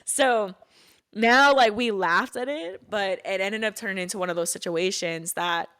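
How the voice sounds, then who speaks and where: A woman's voice: mid-range voice, normal speed, a bit bright. A woman co-hosting a podcast, telling a personal story in a casual, loose way and laughing often. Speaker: podcast co-host.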